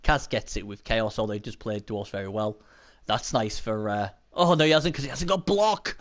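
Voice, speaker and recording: A man giving casual, chatty live commentary on a video game match, bursting into shouts at big plays and swearing now and then. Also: on the low side, moderate pace.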